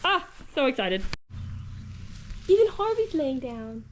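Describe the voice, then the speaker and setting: High-voiced ranch woman gushing over farm animals, casual vlog. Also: big pitch swings, slow, slight background noise. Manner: doting, chatty, gushing. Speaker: ranch owner. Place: horse stall in a barn.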